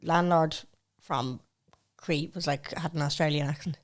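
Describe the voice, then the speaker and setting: A woman's voice: sits low, a little slow. Blunt, sweary Irish woman co-host. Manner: blunt, sweary, animated storyteller. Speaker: podcast co-host. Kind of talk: casual chat.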